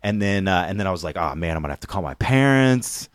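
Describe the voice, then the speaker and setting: A man's voice: low voice, fast talker, no echo, clean studio sound. A man casually telling a story, laughing often and acting out the quotes. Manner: laughing, animated, acts out quotes.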